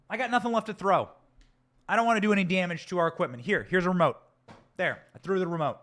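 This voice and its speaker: A man with a fairly high voice rants through his political commentary, angry and emphatic. He pushes every point with theatrical force, and he speaks from a studio. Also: quick pace, a bit bright. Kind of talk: heated political commentary rant.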